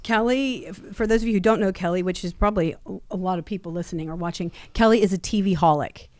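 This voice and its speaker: A woman's voice: lowish voice, quick pace, darkish tone, no room sound. A middle-aged woman hosting a casual podcast, playfully quizzing her guest. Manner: playful, quiz-style questioning. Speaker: podcast host and company owner.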